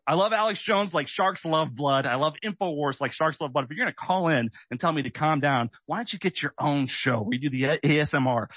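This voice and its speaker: Forceful, higher-voiced male talk radio host on a sarcastic rant, dry studio sound. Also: fairly quick, few pauses, no room sound. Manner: agitated, sarcastic, keyed up.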